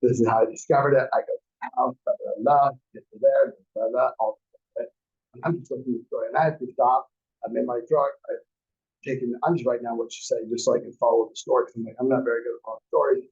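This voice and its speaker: Man, 40s, gravelly, husky, rambling anecdotal lecture, lo-fi recording. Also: mid-range voice, fairly even intonation, racing, a little mellow. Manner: rambling, anecdotal, acts out quotes. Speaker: real estate class instructor. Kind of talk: casual storytelling lecture.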